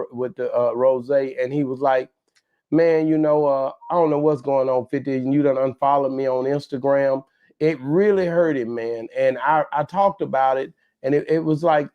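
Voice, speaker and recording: Man in casual chat, dull lo-fi sound. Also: medium pitch. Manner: relaxed, hesitant with repeated starts. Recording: slightly dull lo-fi audio.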